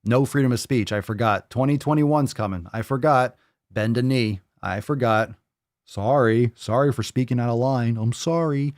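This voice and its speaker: A man's voice: medium pitch, normal speed, darkish tone, no echo, clean studio sound. A man hosting a live-streamed podcast, ranting with sarcasm and heavy swearing. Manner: sarcastic, profane, mocking. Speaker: podcast host.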